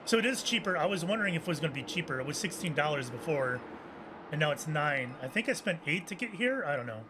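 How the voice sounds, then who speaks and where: A man's voice: a little high, very animated, fast talker, background noise. A man playing a point-and-click game, reading its dialogue aloud and chatting about what happens. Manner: reads all the characters' lines aloud with little change of voice. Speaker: let's play gamer.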